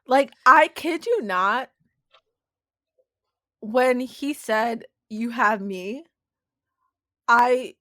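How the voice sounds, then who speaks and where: A fairly high-voiced woman co-hosting a podcast, rambling through her thoughts with plenty of fillers. She gets emotional and giggly as she talks. Her voice is recorded dry, with no room sound. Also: very slow, pauses often, bright, forceful tone, dry recording. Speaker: podcast co-host. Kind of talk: casual chat recapping a TV episode.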